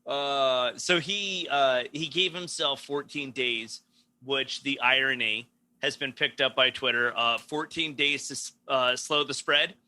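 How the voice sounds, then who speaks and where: A man's voice: mid-range voice, a little slow, sharp tone, dry recording. A man from New York, a comedian, chatting casually on a podcast and laughing often while riffing. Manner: laughs often, does impressions.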